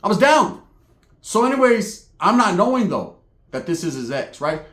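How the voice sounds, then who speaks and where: A man tells a rowdy comic story in a slightly higher voice, full of profanity and street slang. He switches into the voices of other people as he goes. The room around him is echoey. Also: very animated, moderate pace, fairly bright tone. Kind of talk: comedic storytelling monologue.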